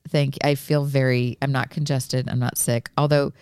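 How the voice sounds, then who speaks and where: A woman's voice: a bass voice, flat delivery, moderate pace, darkish tone, clean tone, no echo, clean studio sound. A middle-aged woman co-hosting a podcast in casual chat, earnest and emotional, with many fillers. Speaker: podcast co-host.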